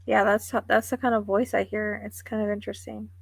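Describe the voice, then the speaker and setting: A woman's voice: mid-range voice, flat delivery, brisk, gravelly, slightly rough, no echo. A woman psychic medium giving a live reading, thinking aloud in a musing, tentative way.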